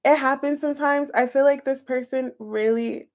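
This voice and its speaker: This young woman's voice sits high and stays steady at a moderate pace as she streams a casual tarot reading from home. Her phone camera is close up, and she chats with viewers while working through the cards out loud.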